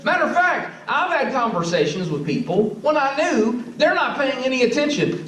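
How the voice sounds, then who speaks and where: High-voiced preacher in an echoey church. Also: male voice, distant mic, a little hiss or hum. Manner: conversational, asks the audience questions. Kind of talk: sermon. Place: church sanctuary.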